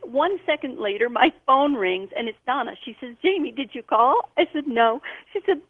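Woman guest, expressive storyteller, acts out quoted voices, dry tinny phone line. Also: a little high, moderate pace, dry recording. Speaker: guest author. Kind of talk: storytelling on a call-in show.

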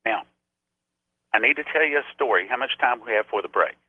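A man's voice: mid-range voice, lively intonation, brisk, no room sound. A man preaching on a radio show, telling a story earnestly and raising his voice when he quotes people. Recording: tinny phone-line sound.

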